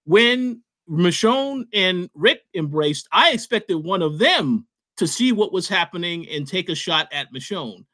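Bright, forceful man jumping into a chat. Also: high-pitched, unhurried. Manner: animated, jumps in with comments. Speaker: podcast co-host. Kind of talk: casual TV episode recap.

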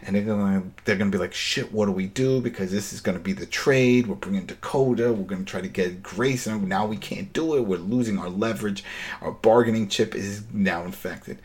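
A man hosting a casual chat, retelling a TV episode in an animated way and acting out the lines. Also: on the low side. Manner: animated storytelling, acting out scenes, quick laughs. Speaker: podcast host recapping a TV episode.

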